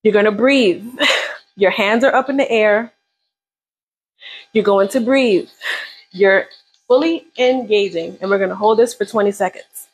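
A woman's voice: medium pitch, measured pace, pauses often, slightly rough, low-quality recording. A woman leading a live beginner workout, coaching casually and encouragingly while counting down reps. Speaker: fitness instructor.

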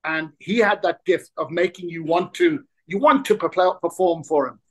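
Animated man in his sixties. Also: on the high side, normal speed, husky. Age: 60s. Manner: animated storyteller, frequent restarts. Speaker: interview guest. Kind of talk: casual interview chat.

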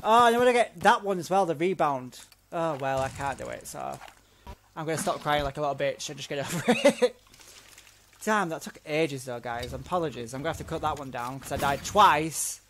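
A man hosting a let's play video, giving excitable commentary that swears often and talks to himself while he plays, wearing headphones at home. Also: fairly high pitch, a little fast, noisy background. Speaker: gaming channel host. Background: game music.

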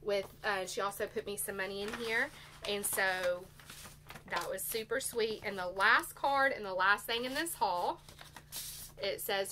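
A woman's voice: medium pitch, measured pace, bright, forceful tone, a little hiss or hum. A middle-aged woman, chatting casually to her viewers in a teary, emotional, heartfelt way. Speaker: vlogger. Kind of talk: casual haul chat to viewers.

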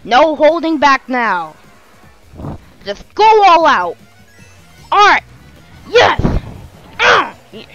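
A woman hosting a racing game let's play, reacting excitedly and loudly protesting every setback. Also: sits high, extremely slow, long pauses, dull audio, faint music behind. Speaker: gaming channel host.

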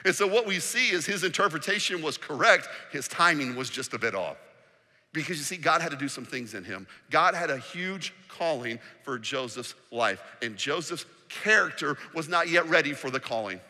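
Bright-voiced male pastor preaching, gets real quiet on key words, long echo like a big church hall. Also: fairly high pitch, moderate pace. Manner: expressive, dropping to a hushed voice for emphasis. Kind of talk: sermon.

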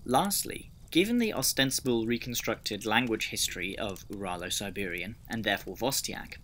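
Man, scripted lesson narration, low pitch, bright forceful tone, methodical, dry asides. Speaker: conlang video creator.

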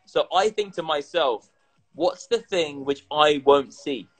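Tipsy, animated man. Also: fairly high pitch, unhurried, faint music behind, rough recording. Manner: animated, swearing, repeats himself. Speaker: crypto content creator. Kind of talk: casual livestream chat.

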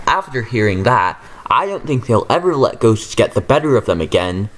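A man narrating a storybook tale with an expressive, dramatic reading. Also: medium pitch, moderate pace, hardly any pauses.

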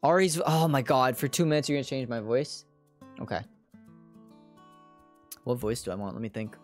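A woman streamer casually narrating her own moves in a video game, chatty and self-deprecating, now and then breaking into loud squealing yells. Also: a bass voice, lively intonation, moderate pace, soft background music. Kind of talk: casual livestream gameplay commentary.

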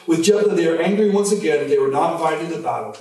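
A man's voice: fairly high pitch, expressive, quick pace, warm tone. A man preaching an expository sermon as pastor, conversational, with frequent restarts and fillers. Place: church sanctuary. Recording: very echoey church hall, mic at a distance, faint noise.

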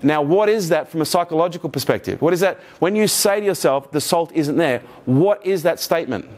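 A middle-aged man giving a keynote talk to a live team, energetic and profane, joking and asking the room questions. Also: fairly high pitch, a little fast. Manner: energetic, profane, jokey, asks the audience questions. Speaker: keynote speaker. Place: event room with live audience.

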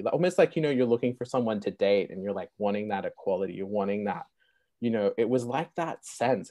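A young man telling his own faith story as an interview guest, animated and full of "like" fillers. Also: mid-range voice, no room sound. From Sydney, Australia. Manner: animated, many "like" fillers, laughs often. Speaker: guest, Christian apologist. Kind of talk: personal testimony storytelling.

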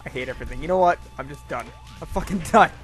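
A man bantering while playing a video game with friends, excitable and quick to exclaim and groan at the game. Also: a little high, soft background music. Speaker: gaming commentator. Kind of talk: casual gaming banter.

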